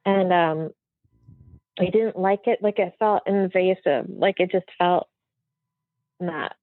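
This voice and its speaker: A woman's voice: fairly low pitch, fairly even intonation, slow pace, no room sound. A woman guest telling a story in a casual interview, rambling and chatty with lots of fillers, heard over a remote call. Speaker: guest medium. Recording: dry, thin phone-like audio.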